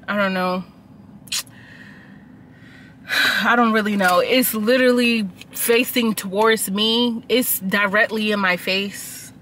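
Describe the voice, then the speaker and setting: A woman's voice: mid-range voice, fairly even intonation, slow, long pauses, fairly bright tone, slight background noise. A woman vlogger chatting casually and slangily to her viewers in an upbeat food vlog. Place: outdoors at sunset.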